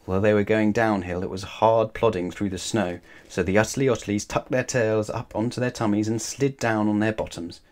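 A man reading a children's bedtime story aloud in a calm, measured way. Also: lowish voice.

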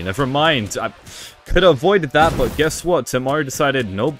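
Young male gaming commentator, lowish voice, excitable and sarcastic, self-mocking. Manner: excitable, sarcastic, frequent self-deprecating jokes. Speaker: gaming video creator. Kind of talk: casual gameplay commentary.

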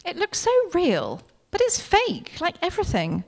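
A British woman reading aloud and voicing a giddy young shopaholic heroine with bubbly, squeaky excitement. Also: moderate pace, creaky, full character voice. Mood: excited.

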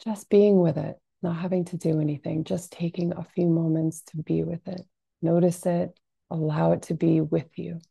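A woman with a low, dark, gravelly voice leads a gentle guided self-soothing lesson at an unhurried pace. She speaks softly and calmly, with frequent fillers, and the sound is dry and close. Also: no echo. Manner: soft, unhurried, calming delivery with frequent fillers. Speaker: compassionate inquiry practitioner.

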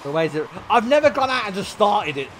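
Animated lad, swearing storyteller. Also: male voice, sits high, fast talker, a little hiss or hum. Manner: animated, swears freely, bursts into loud laughter. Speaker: game streamer. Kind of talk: casual storytelling while gaming.

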